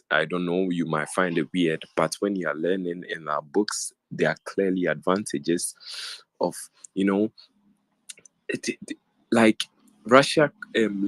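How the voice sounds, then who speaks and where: Young african guy, low voice, fired up and repeating himself, lots of ums, dry close sound. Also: no echo. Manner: worked up, repeats points, many ums. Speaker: Twitter Space speaker. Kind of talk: impassioned casual talk. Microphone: phone or headset in an online audio room.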